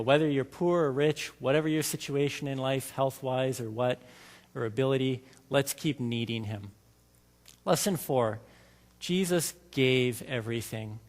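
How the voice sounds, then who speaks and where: A man preaching a sermon in a church, talking to the congregation in a conversational way and asking them many questions. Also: medium pitch. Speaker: lay preacher. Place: church sanctuary. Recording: hall reverb from a church.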